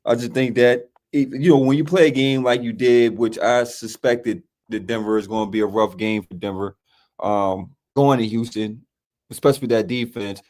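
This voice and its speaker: A man's voice: medium pitch, steady tone, normal speed, a little mellow. A man co-hosting a casual sports picks show, folksy, filling every line with "man" and "y'all". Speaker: co-host.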